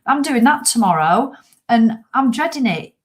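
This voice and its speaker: A woman's voice: fairly high pitch, normal speed. Blunt, chatty woman. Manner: chatty, blunt and swearing, with animated retelling. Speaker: fitness vlogger. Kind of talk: casual chat to viewers.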